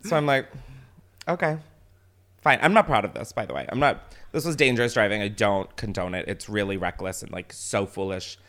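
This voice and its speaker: A man casually telling a story as a podcast host, animated, swearing often and laughing as he talks. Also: lowish voice, fairly quick.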